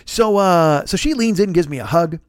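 A man in his fifties hosting his own podcast, spinning a rambling, self-mocking story full of swearing. His voice sits fairly high for a man. The sound is close and dry, with no room around it. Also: expressive, normal speed, clear, resonant tone, no echo. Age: 50s. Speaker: podcast host. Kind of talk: storytelling monologue.

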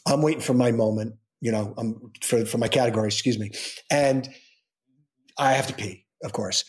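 Middle-aged male guest, mid-range voice; animated anecdote, imitates quoted people, lots of restarts. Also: mid-range voice, normal speed. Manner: many fillers and restarts. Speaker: guest actor. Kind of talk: casual anecdote in a podcast interview.

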